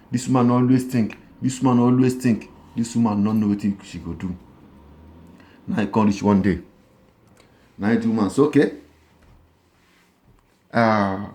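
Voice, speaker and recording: A man spins a comic tale in a Nigerian Pidgin accent, mid-pitched and lively. He repeats phrases for effect and drops sly asides to the listener. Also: brisk, long pauses. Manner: animated, repetitive, sly asides. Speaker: storyteller. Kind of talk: comic oral storytelling.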